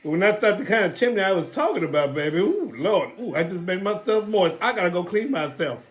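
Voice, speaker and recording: A man's voice: high voice, big pitch swings, brisk. A man doing a bawdy, cooing older woman. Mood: flirty. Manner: coos and teases suggestively.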